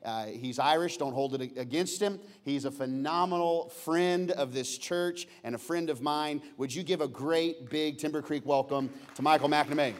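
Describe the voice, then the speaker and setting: A man, a pastor introducing a guest speaker to the church, halting with many fillers and restarts. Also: fairly high pitch.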